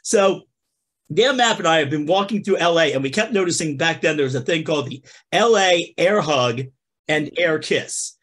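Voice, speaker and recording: Somewhat high and a bit bright, his expressive voice moves at a moderate pace. He's a comedy podcast host telling a funny story playfully and talking right to the listeners, whom he calls folks.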